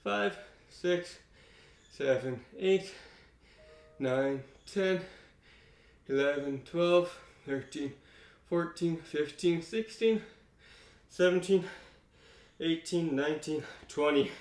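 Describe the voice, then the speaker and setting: A man's voice: fairly high pitch, slow pace. A man leading a home workout, counting reps aloud and catching his breath as he exercises. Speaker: fitness instructor. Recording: echoey room.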